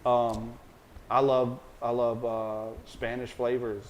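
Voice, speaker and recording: A man with a Southern American accent, a private chef chatting in an interview, animated and rambling, joking and swearing casually. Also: mid-range voice, slow, slight background noise, rough recording.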